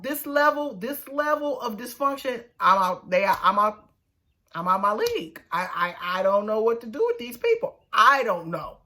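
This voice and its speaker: A woman giving a casual, animated review of a reality TV episode, talking in a colloquial, exclaiming way. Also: a little high. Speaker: reality TV recap vlogger.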